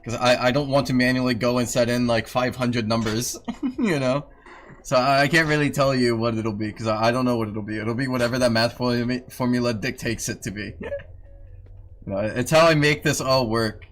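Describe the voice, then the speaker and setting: A man's voice: mid-range voice, steady tone, fairly quick, a bit bright, a little hiss or hum. A man livestreaming in casual chat, who swears freely, teases and scolds his dog in a lifted voice, and laughs often while answering viewers.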